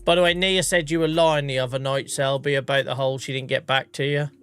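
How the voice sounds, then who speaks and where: A man's voice: mid-range voice, steady tone, quick pace, a bit bright, clean tone, faint music behind. A man in his thirties, a streamer, chatting casually with his viewers, a bit out of breath, greeting people by name and swearing now and then. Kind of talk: casual live-stream chat.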